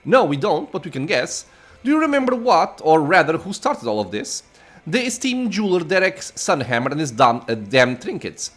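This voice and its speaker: A man's voice: on the high side, big pitch swings, moderate pace. A man reading the lines of a tired, grieving male cleric from a game. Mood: earnest. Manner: earnest, tired. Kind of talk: reading game dialogue aloud.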